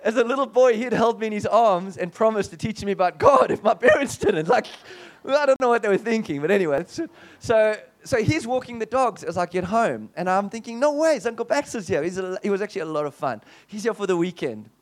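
A South African man preaching, telling a personal testimony as a story with lively swings in his voice and frequent restarts and asides. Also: high voice, a little fast, hardly any pauses.

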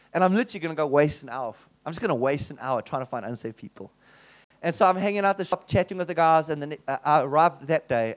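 High-voiced man preaching with animated stories. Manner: animated, acts out the people in his stories. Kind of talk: storytelling sermon.

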